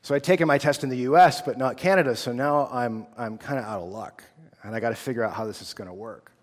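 A man's voice: medium pitch, fast. A man in his thirties from the United States, a theology student telling a personal testimony in an earnest, casual storytelling way. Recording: long hall reverb.

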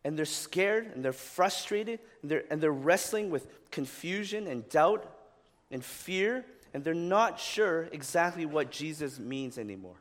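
A pastor with a voice on the higher side delivers a sermon, casual and chatty, checking in with "right?" and rising into loud, animated retelling. His words ring out with a long hall reverb. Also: measured pace. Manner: conversational, often adds "right?"; grows loud and animated when retelling the story.

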